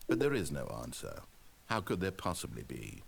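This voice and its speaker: A man's voice: very deep voice, huge pitch swings, normal speed, creaky, a little hiss or hum, exaggerated voice. A man voicing a dry, teasing game narrator who addresses the player directly. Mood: teasing narration. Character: wry, mocking male storybook narrator of a game. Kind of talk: scripted narration.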